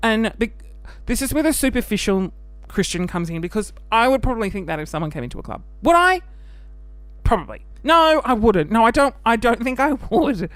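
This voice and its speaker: A man's voice: very high voice, no room sound, soft background music. Chatty Australian man, dry close mic. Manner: chatty and animated, camp, laughing, with quick bursts of mock voices. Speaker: podcast host. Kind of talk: casual chat.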